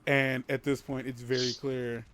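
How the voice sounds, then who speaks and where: A man's voice: mid-range voice, level tone, measured pace, a bit bright, soft background music. A man casually telling a creepy story as a podcast co-host, rambling, swearing and interrupting himself. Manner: profane, rambling, self-interrupting.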